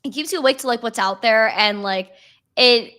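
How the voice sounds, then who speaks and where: A woman's voice: fairly high pitch, moderate pace, pushed and bright. A young woman in casual chat, rambling with many fillers and laughing easily.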